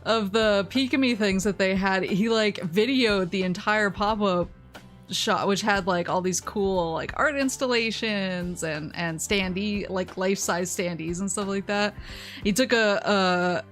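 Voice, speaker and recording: A woman vtuber chatting casually on stream, telling a long rambling story, laughing often and quoting people in lively voices. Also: medium pitch, unhurried, faint music behind.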